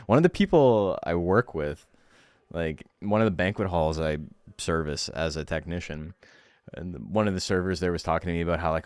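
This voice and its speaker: A man's voice: low voice, normal speed, darkish tone, clear, resonant tone, no echo. A young man streaming a game, ranting sarcastically in casual chat, swearing and laughing often.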